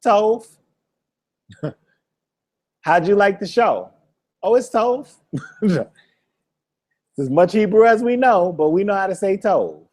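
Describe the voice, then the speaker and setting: A man with a high-pitched, expressive, slightly mellow voice teaches a Hebrew vocabulary lesson in a classroom setting. He quizzes a student, repeating each word slowly for drilling, and laughs often.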